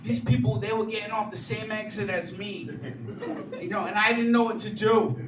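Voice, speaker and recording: A young man doing stand-up and crowd work, chatty, with many "you know"s and animated rants. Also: high-pitched, normal speed, background noise. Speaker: stand-up comedian. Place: comedy club. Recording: echoey club from far off, loud crowd laughter.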